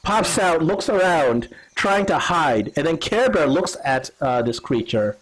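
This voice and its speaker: A man's voice: a little high, animated, unhurried, poor audio. A man narrating as game master of a tabletop game, rambling with many fillers and restarts.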